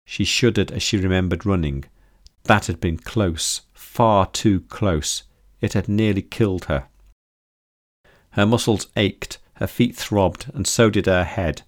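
Male narrator for audiobook fiction, slightly low voice, steady and measured. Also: dry recording, studio quality. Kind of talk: scripted narration.

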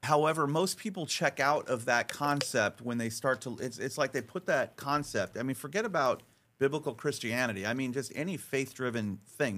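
A middle-aged man, a podcast guest, talking in an emphatic, animated way, acting out dialogue as he tells stories with frequent restarts. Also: medium pitch. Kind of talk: conversational storytelling interview.

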